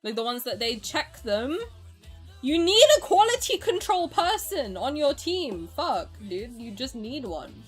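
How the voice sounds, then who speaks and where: A woman streamer casually chatting with her viewers and reacting to their comments. She is excitable, swears freely and laughs often. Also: high-pitched, measured pace, slightly rough, soft background music.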